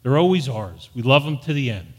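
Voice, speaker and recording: A man's voice: mid-range voice, very animated, brisk. A middle-aged man preaching a sermon with earnest, emphatic delivery. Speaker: pastor. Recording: long hall reverb.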